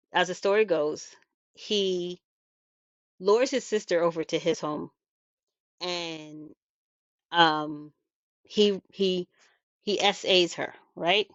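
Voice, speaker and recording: A woman's voice: fairly low pitch, no room sound, dull audio. A woman host retelling a story in a casual, chatty way, emphatic and full of rhetorical asides. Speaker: video host.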